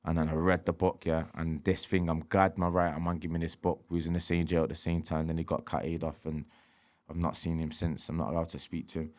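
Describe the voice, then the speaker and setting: A man, speaking as a guest on a candid podcast. His voice sits very low and he talks at a fast clip, streetwise and blunt, with plenty of swearing and repeated check-ins with the listener. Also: little pitch movement, darkish tone. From Manchester. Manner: streetwise, swears, repeats "do you know what I mean". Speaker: interview guest, rapper.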